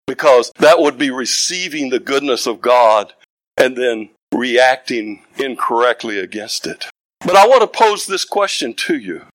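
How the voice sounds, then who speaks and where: High-voiced older preacher, folksy and fervent. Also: male voice, fairly bright tone, no room sound, low-quality recording. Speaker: pastor. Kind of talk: sermon.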